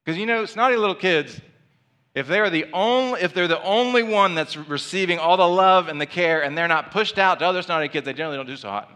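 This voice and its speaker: A man delivering a sermon with a bright, forward tone. He talks conversationally, animated and full of asides, as if chatting with his congregation. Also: fairly high pitch, quick pace, hardly any pauses, clear, resonant tone. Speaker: pastor.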